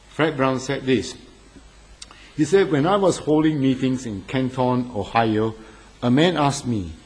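A man's voice: medium pitch, a little mellow, slightly rough, rough recording. A man preaching a sermon to his congregation, making earnest, pleading appeals.

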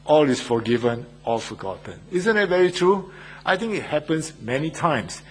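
Husky-voiced male preacher asking the congregation questions. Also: a little high, big pitch swings, moderate pace. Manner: emphatic, rhetorical questions to the congregation. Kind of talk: sermon.

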